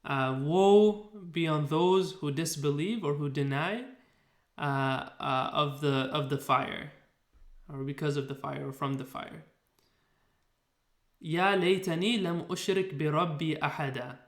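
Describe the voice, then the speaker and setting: A male Arabic teacher explains a recorded online lesson, patient and unhurried, often restarting with fillers as he works through examples. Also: fairly high pitch. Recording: echoey room.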